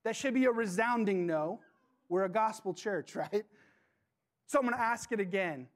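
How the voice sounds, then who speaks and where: A man preaching a sermon to his church, passionate, with dramatic pauses and questions to the congregation. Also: sits high, animated. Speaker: pastor.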